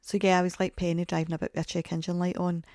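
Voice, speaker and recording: A woman's voice: lowish voice, level tone, fast, darkish tone, no echo, clean studio sound. A woman in her forties hosting a podcast, telling chatty, rambling, self-mocking stories. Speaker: podcast host. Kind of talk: casual podcast monologue.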